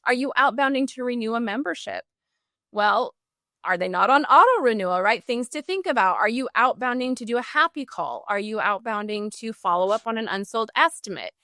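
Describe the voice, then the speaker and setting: A woman speaking as a customer service trainer in a podcast interview, animated and full of "like" and "right?". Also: fairly high pitch, brisk, no echo, clean studio sound.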